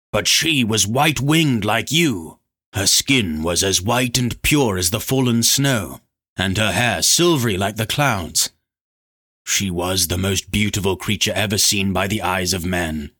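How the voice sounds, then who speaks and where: A man's voice: lowish voice, bright, forceful tone, full character voice. A man voicing a desperate, balding male sorcerer who pleads and gasps for his life in an audiobook. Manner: pleading, gasping, frantic.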